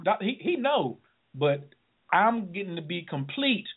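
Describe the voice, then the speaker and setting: A high-voiced man hosts a call-in radio show, excitable and preachy, whooping and laughing as he talks. His voice comes through a tinny phone line. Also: a little slow, husky. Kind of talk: lively call-in radio talk.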